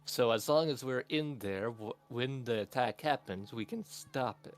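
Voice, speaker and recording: A man's voice: mid-range voice, unhurried, faint music behind. A man taking part in a tabletop role-playing game, talking in a playful, sarcastic way. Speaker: player.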